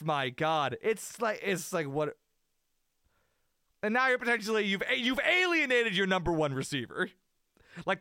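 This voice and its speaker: Animated high-voiced man ranting about sports. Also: no echo, clean studio sound. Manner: animated, rambling, self-mocking rants. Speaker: podcast co-host. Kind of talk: casual sports talk.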